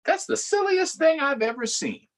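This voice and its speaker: A man's voice: very high voice, animated, moderate pace, pitched above the performer's own voice. A man voicing an unimpressed cow who mocks what she sees in a picture book read-aloud. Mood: scornful. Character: scoffing female cow, unimpressed.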